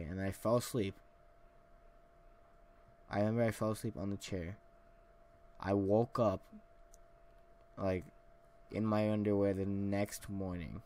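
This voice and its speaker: A man's voice: on the low side, steady tone, a little fast, dark tone, a little hiss or hum. Rambling young man telling a story. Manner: rambling, many fillers and restarts. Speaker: podcast host. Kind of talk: casual solo storytelling.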